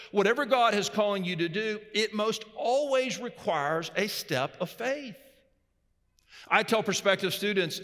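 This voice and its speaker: Emphatic preacher in a reverberant hall. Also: male voice, high-pitched. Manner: emphatic preaching that drops to quiet storytelling. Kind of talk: sermon.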